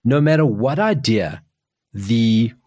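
Animated man, lively up-and-down voice. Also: takes it slowly, no echo. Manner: animated storyteller, jumps in pitch, restarts often. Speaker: podcast co-host. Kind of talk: casual chat.

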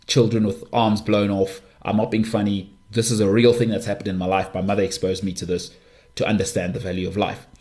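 A man with a lowish voice holds forth as a podcast host. He speaks in an impassioned monologue, hammering points home with repeated phrases. His tone is earnest and forceful. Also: level tone, fairly quick. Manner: forceful, repetitive emphasis.

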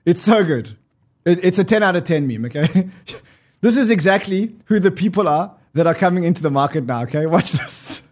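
A man's voice: sits high, lively intonation, moderate pace, darkish tone. A man hosting a casual market show, talking animatedly, laughing often, swearing and repeating words as he goes. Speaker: host.

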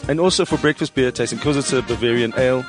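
Fast-talking joking podcast host. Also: male voice, medium pitch, over music. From South Africa. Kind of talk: casual studio podcast chat. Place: radio studio.

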